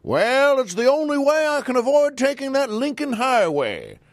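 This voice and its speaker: A man putting on a loud, pompous old Southern senator from radio comedy, with a Southern accent and a hearty, booming delivery. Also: huge pitch swings, normal speed, dry recording, heavily acted. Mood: blustery. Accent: American Southern.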